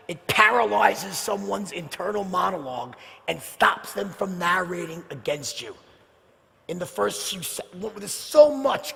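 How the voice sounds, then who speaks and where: Man, live sales seminar, wildly varied intonation, loud bursts then hushed asides, questions to the crowd, long hall echo. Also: sits high, vocal fry. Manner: animated, swings between loud bursts and hushed near-whispers; addresses the audience directly with rhetorical questions. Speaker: sales trainer giving a seminar. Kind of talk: live seminar talk to an audience.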